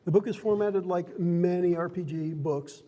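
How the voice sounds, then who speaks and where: A man's voice: high voice, moderate pace, warm tone, big-room sound, muffled recording. A man acting as game master, explaining how to play a tabletop role-playing game in an upbeat, chatty way that often breaks into laughter. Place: card and game shop.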